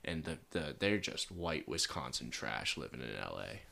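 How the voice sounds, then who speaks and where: A man's voice: a bass voice, big pitch swings, normal speed, vocal fry, sharp tone. A man as a guest on a casual podcast, laid-back and rambling, with wry jokes.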